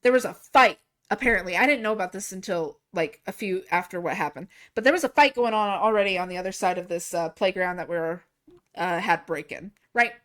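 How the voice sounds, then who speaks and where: Bright-voiced young woman streamer, rambling. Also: medium pitch, a little fast. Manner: rambling and animated, laughs and swears often. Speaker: livestreamer. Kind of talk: casual storytelling while gaming.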